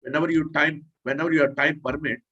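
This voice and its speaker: A man's voice: on the high side, fairly even intonation, quick pace, pushed and bright, breathy edge, muffled recording. A man preaching a scripture class in an earnest, repetitive, instructive way.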